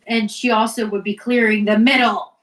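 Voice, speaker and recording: A woman co-hosting a casual family chat, recounting stories with quick interjections. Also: a little high, little pitch movement. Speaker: podcast co-host. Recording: roomy, distant mic.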